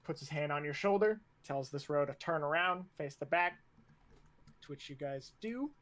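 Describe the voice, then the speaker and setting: A young man narrating as game master, moving between plain narration and a drill instructor's gruff orders. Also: a little high, lively intonation, normal speed, a bit bright.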